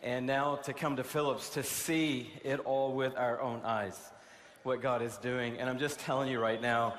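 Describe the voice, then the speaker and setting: A man's voice: mid-range voice, steady tone, moderate pace, fairly bright tone. A man hosting a conference from an arena stage, gushing and loose, with lots of fillers. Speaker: conference host. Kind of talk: excited stage address. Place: large indoor arena. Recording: echoey arena with crowd noise.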